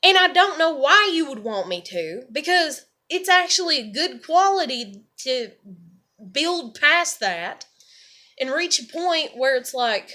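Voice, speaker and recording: A woman's voice: high-pitched, big pitch swings, measured pace, sharp tone. A woman rambling casually to camera, swearing freely and leaning on "you know" and "like.". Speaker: vlogger.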